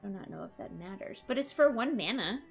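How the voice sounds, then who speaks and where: A young woman streaming a card game, excitable and laughing often as she reads card text aloud. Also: mid-range voice, quick pace, creaky, faint music behind. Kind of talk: live game commentary.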